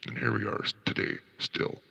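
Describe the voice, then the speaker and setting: A man's voice: brisk, sharp tone, dull audio. A man hosting a livestream, giving scornful, swear-filled commentary on clips he plays. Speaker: livestream host reviewing clips. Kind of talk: profane reaction commentary.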